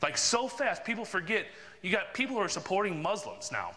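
Man, casual chat, rambling with fillers, high-ish bright voice, long hall reverb. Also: sing-song, a little fast. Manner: rambling storyteller with many fillers and restarts.

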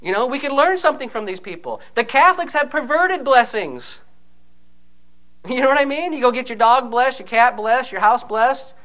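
Male preacher, high and bright, lively conversational sermon delivery. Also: normal speed. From United States. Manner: animated, conversational preaching with frequent "okay?" asides.

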